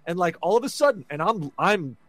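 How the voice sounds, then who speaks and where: A man's voice: sits high, brisk, no echo. A man telling a dramatic personal story on a casual podcast, full of fillers like "like". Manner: animated, dramatic retelling with filler words. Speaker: podcast co-host.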